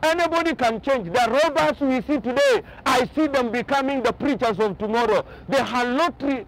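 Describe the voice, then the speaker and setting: Male pastor, very high voice, emphatic repetitive preaching style. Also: a little hiss or hum, rough recording. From Kenya. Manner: emphatic preaching with repeated phrases. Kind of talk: sermon. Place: outdoors on a boat by the ocean.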